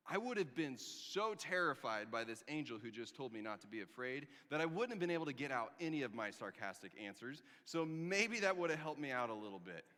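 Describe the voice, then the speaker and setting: A man with a high, bright, ringing voice preaches in a church hall, where his words trail off in a long reverb. He tells the story with lively humor and wry, sarcastic asides. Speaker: pastor. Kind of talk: sermon.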